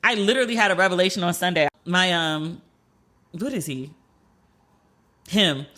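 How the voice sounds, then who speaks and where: A woman hosting a solo podcast, telling stories in a chatty, animated way and acting out the people she quotes. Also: on the low side, normal speed. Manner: chatty, animated, swears, acts out quoted dialogue. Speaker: podcast host.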